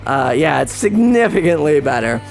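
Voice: medium pitch, big pitch swings, normal speed, vocal fry, faint music behind. A podcast host rambling casually about a movie, wry and full of restarts. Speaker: podcast host reviewing a film.

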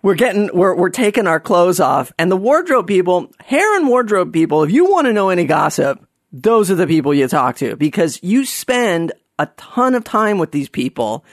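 A man telling a funny personal story in an animated, sarcastic way, dropping to mumbled asides and jumping up for mocking voices. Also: sits high, normal speed, no room sound, studio quality. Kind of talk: comedic personal anecdote.

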